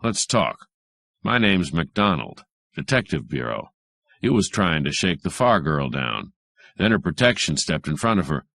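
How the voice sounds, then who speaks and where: A man voicing a big, gruff police detective who bullies in tough slang, with a low voice. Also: big pitch swings, measured pace, a bit bright, dry recording, heavily acted. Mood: menacing.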